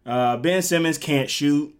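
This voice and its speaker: A man's voice: on the high side, measured pace, a little hiss or hum. A man with an American accent, guest comedian chatting loosely on a podcast and laughing as he jokes. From United States. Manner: laughing, loose and joking, Southern-tinged "y'all" talk. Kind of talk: casual podcast chat.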